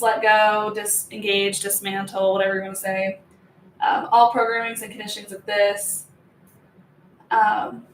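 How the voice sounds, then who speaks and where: A woman's voice: a little high, a bit bright, slight background noise. Young woman energy healer vlogging, super chatty and giggly, lots of "like", roomy echoey room. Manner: chatty, filler-heavy, giggly. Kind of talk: casual spiritual vlog, guided healing.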